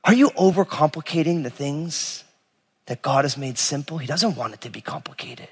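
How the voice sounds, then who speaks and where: A male pastor preaching a sermon in a lively, conversational way, acting out biblical figures in casual modern voices. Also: on the high side, moderate pace, husky, big-room sound.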